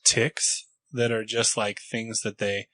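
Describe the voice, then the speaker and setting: A man co-hosts a casual podcast and speaks thoughtfully, hedging his points. His voice sits low but has a bright tone. The sound is dry and close. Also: level tone, slow, no room sound. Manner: thoughtful, hedging, gives short agreements. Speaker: podcast co-host.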